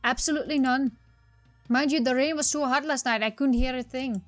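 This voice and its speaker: Woman voicing a Cockney bobby, weepy, melodramatic, high pitched, soft background music. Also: brisk, no echo, close to an everyday voice. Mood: apologetic. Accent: Cockney, put on. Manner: weepy, melodramatic, rhyming slang. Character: bumbling male Cockney police constable.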